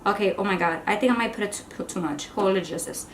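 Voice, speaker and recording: A woman's voice: medium pitch, fast, slight background noise. A woman vlogger unboxing beauty products and trying them on, chatting casually and gushing over each item. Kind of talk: casual unboxing and makeup try-on. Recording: echoey room with faint music.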